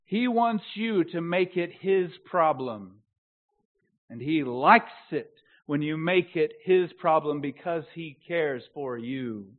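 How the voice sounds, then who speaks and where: A man preaching a sermon as a pastor, swinging from soft, close, earnest phrases to loud, slowed, emphatic proclamation. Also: on the high side, animated. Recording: tinny phone-like sound.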